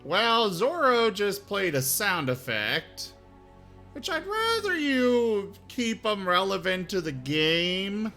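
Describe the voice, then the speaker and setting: Stream host: bright, animated voice, dry and teasing, faint music under. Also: mid-range voice, slow pace. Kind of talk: casual game-stream chat.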